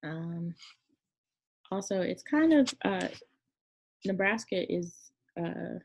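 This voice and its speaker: A woman's voice: fairly low pitch, expressive, takes it slowly, vocal fry, a little mellow, slight background noise. A woman teaching a casual classroom lesson, talking in a chatty, rambling way with many fillers and self-corrections. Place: near Memphis, Tennessee. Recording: dull lo-fi sound.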